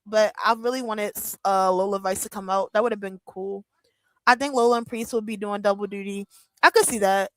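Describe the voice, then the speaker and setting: Chatty, excitable young woman, dry close sound. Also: a little high, no echo. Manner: chatty, excitable, lots of "like" and laughs. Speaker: wrestling watch-along streamer. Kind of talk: casual chat.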